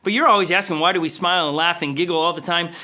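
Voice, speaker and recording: A male pastor preaching a sermon in an animated storytelling manner. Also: a little high, racing. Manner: animated, storytelling with acted voices.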